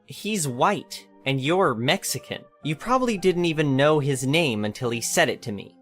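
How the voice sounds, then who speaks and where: A man voicing a meddling older woman who accuses strangers in a shrill, condescending way. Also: animated, moderate pace, a bit bright, faint music behind. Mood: accusing.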